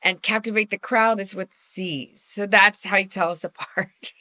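A woman's voice: medium pitch, fairly even intonation, normal speed, bright, forceful tone, dry recording, clean studio sound. A woman co-hosting a casual video podcast, chatty and laughing often as she acts out little quotes. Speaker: podcast co-host.

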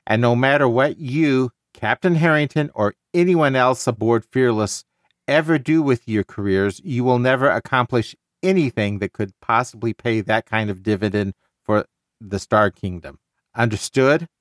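A man's voice: mid-range voice, normal speed, dry recording, lightly acted. Guy reading out a stern lady admiral, plain read, dry sound. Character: stern female naval admiral.

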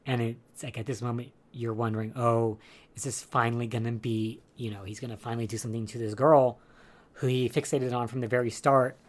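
A man's voice: medium pitch, steady tone, quick pace. Chatty man recapping a film plot. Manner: chatty, loose retelling full of "like" and "you know". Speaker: film reviewer. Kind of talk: casual spoken film review.

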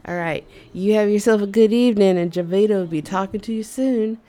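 A woman telling a humorous personal story in an animated, conversational way. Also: medium pitch, fairly quick. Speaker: storyteller vlogger.

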